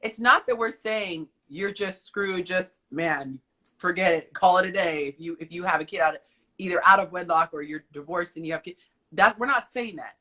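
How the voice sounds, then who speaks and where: A woman's voice: lowish voice, moderate pace, bright, forceful tone. A woman arguing her views emphatically in a casual live conversation. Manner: emphatic, opinionated. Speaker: guest on a live stream.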